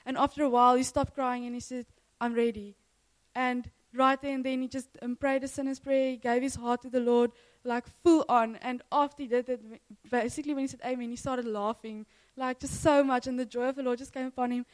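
High-voiced woman, eager rambling church testimony with frequent laughs. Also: level tone, a little fast, hardly any pauses, low-quality recording. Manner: enthusiastic, rambling, laughs often. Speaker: church member sharing mission testimony.

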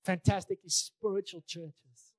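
A man's voice: sits high, steady tone, moderate pace, dry recording. A male pastor preaching a sermon in a conversational way, repeating key phrases for emphasis, with touches of light humor.

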